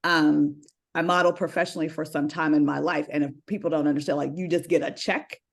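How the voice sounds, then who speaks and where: An animated woman tells stories as a panel guest. Her voice sits a little low, and she brings lively energy to the dialogue she acts out. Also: quick pace, creaky. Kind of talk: casual panel discussion.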